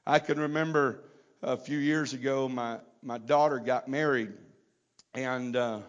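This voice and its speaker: A middle-aged man preaching a sermon at a youth conference, unhurried and building to loud emphasis. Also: mid-range voice, steady tone, muffled recording.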